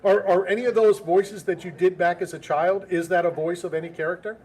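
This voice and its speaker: A man with a high voice conducting a casual interview. He asks his guest curious, friendly questions, often with a little laugh. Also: fairly even intonation, fairly quick, a little mellow.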